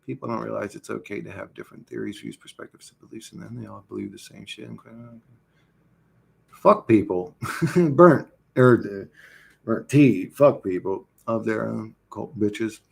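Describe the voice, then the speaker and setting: A middle-aged man chatting casually on a livestream, reading chat and telling stories in a rambling, profane way that swings between loud and quiet. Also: on the low side, normal speed, creaky, husky.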